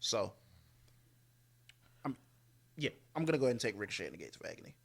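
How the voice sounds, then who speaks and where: A man's voice: fairly low pitch, sing-song, fast, creaky, husky. A man co-hosting a podcast, giving casual wrestling predictions with hesitant fillers and joking asides. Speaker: podcast co-host.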